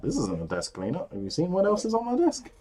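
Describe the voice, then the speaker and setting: A man's voice: a little high, huge pitch swings, fast talker. A man talks his way through a crafting session, rambling and cracking jokes at his own expense. His voice swoops up and down a lot as he mutters and curses. A faint hiss sits under the desk mic. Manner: rambling, jokey, swears and mutters to himself. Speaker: miniature painting hobbyist. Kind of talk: casual running commentary while crafting.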